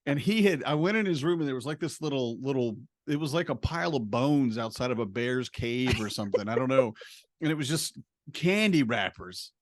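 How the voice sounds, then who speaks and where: A middle-aged man co-hosting a podcast, telling a family story with lively acted-out dialogue and laughter. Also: medium pitch, brisk, dry recording. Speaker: podcast co-host, stay-at-home dad. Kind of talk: casual storytelling chat.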